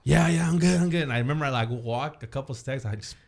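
A man's voice: mid-range voice, fast talker. A young man telling stories in casual chat, laughing often and mixing in Spanish words. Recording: noisy background.

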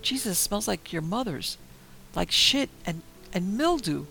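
A man voicing a frightened, sharp-tongued woman in a horror story, her lines raised and cutting. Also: high-pitched, very animated, a little slow, creaky, pitched above the performer's own voice, heavily acted, low-quality recording. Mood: scornful. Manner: raised, biting delivery.

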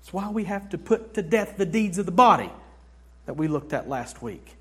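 Husky high-voiced man preaching a sermon. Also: big pitch swings, normal speed. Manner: emphatic preaching, swings between hushed and forceful. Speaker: pastor.

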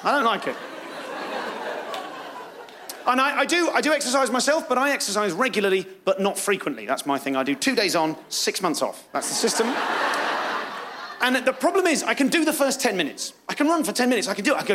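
A British man doing a live stand-up set on a club stage, self-mocking and lively, acting out voices as he talks. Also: high-pitched, fast, slight background noise. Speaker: stand-up comedian.

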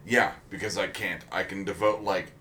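A man's voice: low voice, fairly even intonation, normal speed, pushed and bright, a little hiss or hum. A man co-hosting a casual podcast chat, rambling with many ums and restarts. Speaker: podcast co-host.

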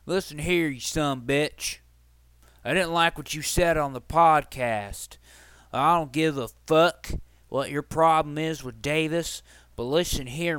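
A man mimicking a hot-tempered younger brother who spits curses and makes threats, his voice pushed higher and louder than his own. The delivery stays confrontational and profane throughout, in a dry, close sound. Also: clear, resonant tone, no room sound.

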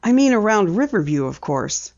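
A woman reader voicing a lively, teasing teenage girl who pokes fun at her father, pitched clearly higher than her narration. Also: normal speed, muffled recording. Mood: eager. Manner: playful, teasing, eager.

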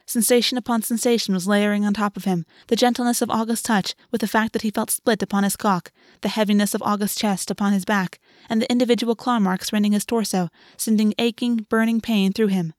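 A woman narrating a fantasy novel in a measured, even reading. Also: medium pitch, no echo, studio quality. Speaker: audiobook narrator. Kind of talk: scripted narration.

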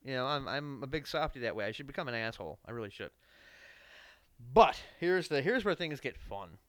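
Smooth-voiced man telling a profane story. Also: mid-range voice, sing-song, brisk, fairly bright tone, no echo, clean studio sound. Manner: profane, rambling storyteller with self-deprecating asides. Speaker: podcast host. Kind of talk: casual anecdotal storytelling.

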